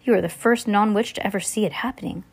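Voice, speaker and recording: A woman reading as a shrewd, excitable old grandmother. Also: medium pitch, fast talker, creaky, slightly rough. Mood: excited. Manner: eager, urgent questioning.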